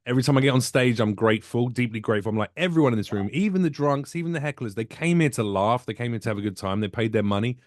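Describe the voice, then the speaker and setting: Talking very fast with barely a pause, this British comedian guest has a mid-range voice and the recording carries no room sound. In a relaxed conversation he spins funny stories, lively and playful, performing each character's voice.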